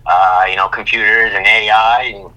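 A man's voice: on the low side, flat delivery, normal speed, pushed and bright. Hesitant Maine man on a phone line. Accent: light Maine. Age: 30s. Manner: hesitant, many fillers and restarts. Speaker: guest.

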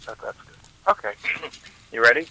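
A man chatting on a radio show as a regular guest, rambling and restarting his sentences in quick bursts. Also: mid-range voice, creaky, noisy background. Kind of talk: casual on-air banter. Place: radio studio.

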